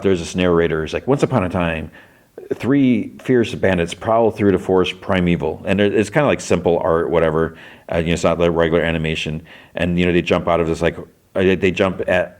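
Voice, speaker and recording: A man hosting a podcast, casually recapping TV episodes in a rambling way, with many fillers and restarts. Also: low voice. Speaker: podcast host.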